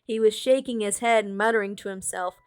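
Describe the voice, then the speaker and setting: A woman's voice: medium pitch, steady tone, a little fast, clear, resonant tone, soft background music. A woman streamer reading a storybook aloud, chatting with viewers and fixing small slips as she goes. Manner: chatty asides to chat, reads with small self-corrections.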